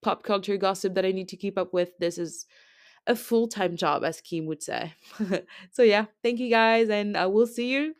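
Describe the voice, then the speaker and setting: A woman's voice: mid-range voice, moderate pace, clear, resonant tone, no room sound, studio quality. A woman podcast host with a French accent, rambling through a casual recap full of filler words. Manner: rambling, chatty, heavy use of filler words.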